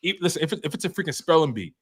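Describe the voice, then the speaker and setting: A man co-hosting a sports talk show, excitable and blunt, swearing freely as he talks. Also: a little high, racing, breathy edge. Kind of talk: casual sports talk banter.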